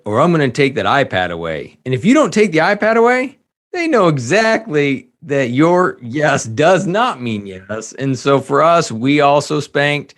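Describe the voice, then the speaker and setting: A man in his forties hosting a podcast, speaking in a measured, reflective way. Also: medium pitch, fairly bright tone. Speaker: podcast host. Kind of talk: casual podcast conversation.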